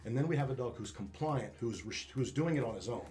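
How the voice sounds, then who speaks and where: A man's voice: mid-range voice, animated, brisk, darkish tone. A man speaking as a dog trainer being interviewed, talking casually and emphatically, swearing and repeating words as he restarts.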